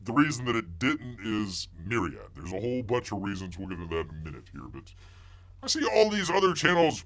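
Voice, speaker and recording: A man's voice: mid-range voice, sing-song, moderate pace. A middle-aged man hosting a live stream, rambling through movie news and chat comments while calling himself by a nickname in the third person and playing up mock outrage.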